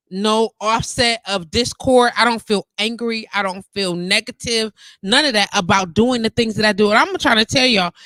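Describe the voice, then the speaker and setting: Woman host, bright tense voice, dry close sound, animated casual chat. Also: mid-range voice, dry recording. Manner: animated, repeats "you get what I'm saying". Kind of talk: casual live-stream chat.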